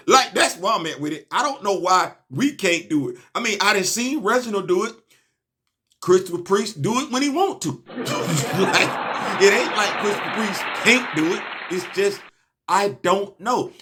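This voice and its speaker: High bright animated male comic reviewer. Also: measured pace, husky. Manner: animated, laughing, stammering restarts, slangy. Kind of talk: excited casual review monologue.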